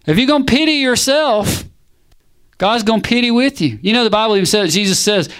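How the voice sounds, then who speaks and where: A man preaching a sermon, animated and punchy, firing rhetorical questions and calls back to the congregation. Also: very high voice, a little fast, gravelly.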